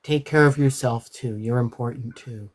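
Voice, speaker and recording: Brief: mid-pitched man, steady and reassuring. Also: moderate pace. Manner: reassuring, comforting. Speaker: live audio chat room speaker. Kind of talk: supportive live group chat.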